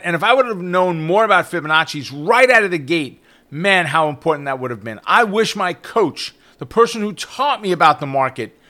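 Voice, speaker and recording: A middle-aged man hosting a trading podcast, teaching in an energetic monologue full of rhetorical questions and tag questions. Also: a little high. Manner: animated, rhetorical questions, frequent "right?". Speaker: trading coach podcast host.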